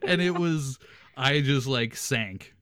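A man's voice: mid-range voice, takes it slowly, a bit bright. A young man hosting a podcast, telling a funny story casually and animatedly, laughing as he goes. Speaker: podcast host.

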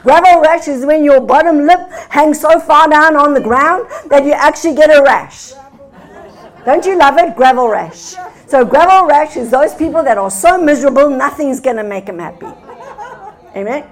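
An older woman with a high voice preaches a sermon as a guest minister. She tells stories with animated delivery and rises to fervent exclamations. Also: normal speed.

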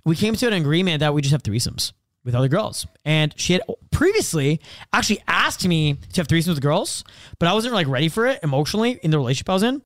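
A man's voice: on the high side, big pitch swings, fast, dry recording, studio quality. A young man chatting as a podcast co-host, telling crude stories bluntly and acting out quotes. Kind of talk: casual chat.

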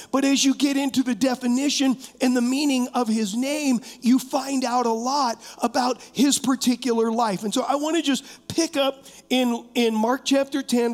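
A man preaching a sermon as pastor, animated, calling on members of the congregation and shouting out to show his point. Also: very high-pitched. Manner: shouts to demonstrate, rising to loud bursts. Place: church sanctuary. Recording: long hall reverb.

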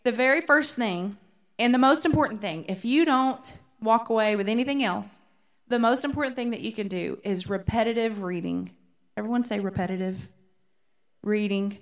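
A woman's voice: on the high side, normal speed. A woman teaching a women's Bible study in a conversational way, often checking in with her listeners.

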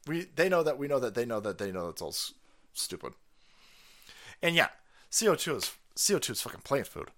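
A man hosting a live stream, ranting crudely and excitably, with sudden loud bursts and fast runs. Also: medium pitch. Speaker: livestream host. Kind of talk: profane political rant stream.

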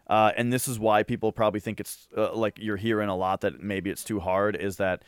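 Low, smooth-voiced man rambling excitedly. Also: brisk, dry recording. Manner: rambling, excitable, heavy on fillers and restarts. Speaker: podcast co-host. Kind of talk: casual chat.

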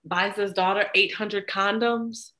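A woman's voice: medium pitch, measured pace, low-quality recording. A young woman co-hosting a podcast, recapping a movie in casual, blunt and profane chat. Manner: blunt, profane, animated storytelling. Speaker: podcast co-host.

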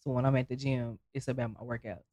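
A woman co-hosting a casual podcast chat, expressive and quick to laugh. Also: very deep voice, no room sound. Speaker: co-host.

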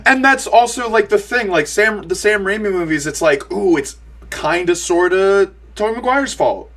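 A man's voice: high-pitched, animated, moderate pace, fairly bright tone. A young man co-hosting a casual movie review chat, rambling with lots of fillers and restarts. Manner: rambling, many fillers and restarts, laughs often. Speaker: podcast co-host.

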